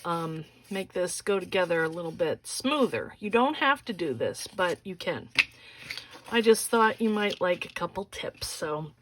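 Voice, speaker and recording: A woman's voice: medium pitch, a little hiss or hum. A woman hosting a casual crafting tutorial, walking through each step in a chatty way and often checking in with "okay?".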